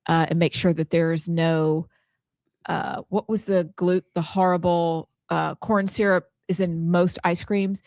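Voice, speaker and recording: A woman's voice: lowish voice, flat delivery, measured pace, darkish tone, dry recording, studio quality. A woman co-hosting a talk show, chatty and exclamatory. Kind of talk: casual chat.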